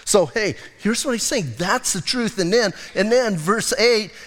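A man's voice: sits high, animated, measured pace, a bit bright. A male pastor preaching a sermon in a conversational way, teasing his congregation. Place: church sanctuary. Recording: long hall reverb.

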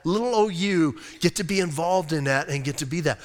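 A man's voice: sits high, fairly quick, few pauses, big-room sound. A man preaching a sermon as pastor, casual and conversational, leaning hard on key points. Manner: conversational, keeps saying "listen, man"; emphatic, rises on key points.

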